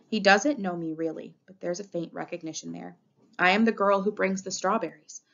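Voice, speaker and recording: A woman narrating a novel in the first person with expressive, dramatic reading, on a dull lo-fi recording. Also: mid-range voice, gravelly. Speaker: audiobook reader. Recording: dull lo-fi audio.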